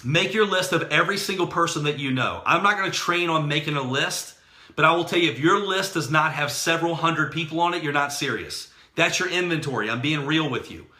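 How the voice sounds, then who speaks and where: Energetic man giving a motivational talk. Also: on the high side, a little fast, roomy sound. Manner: energetic, storytelling, preachy. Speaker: network marketing trainer.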